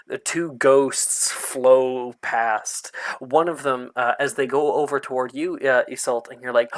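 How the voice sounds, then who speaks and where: Man as a game master who narrates slowly, with lots of ums and uhs. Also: medium pitch. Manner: unhurried, drawn-out narration with frequent fillers.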